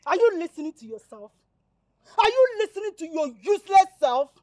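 A woman's voice: very high voice, very animated, a little fast. An actress playing a fiery young village woman with a Nigerian accent who scolds and insults a man. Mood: angry. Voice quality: sharp, scolding. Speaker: actor.

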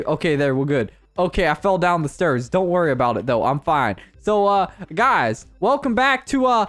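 Excitable young gaming YouTuber man. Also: no echo. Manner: jokey, excitable, jumps to high yelps. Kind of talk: playful gameplay commentary.

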